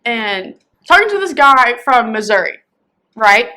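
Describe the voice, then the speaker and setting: A young woman from the American South, co-hosting a casual podcast chat with animated, quick remarks and laughing asides. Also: a little high. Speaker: podcast co-host.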